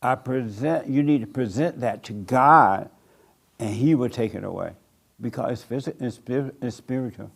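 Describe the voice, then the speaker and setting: Gravelly older man preaching bluntly. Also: normal speed. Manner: preachy, blunt and mocking, acts out others in a higher voice. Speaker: pastor. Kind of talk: sermon to a live group.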